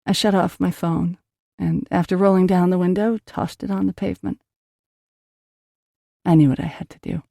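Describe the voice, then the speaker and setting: A woman's voice: fairly low pitch, level tone, normal speed, gravelly, dark tone, dry recording, studio quality. A woman narrating an audiobook in an emotional first-person reading.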